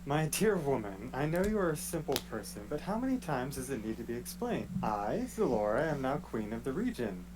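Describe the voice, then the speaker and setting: A man's voice: medium pitch, very animated, fairly quick, hardly any pauses, background noise, close to an everyday voice. A man voicing a condescending, grandiose woman claiming to be queen, in a tabletop game. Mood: haughty. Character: haughty self-declared queen, woman, imperious.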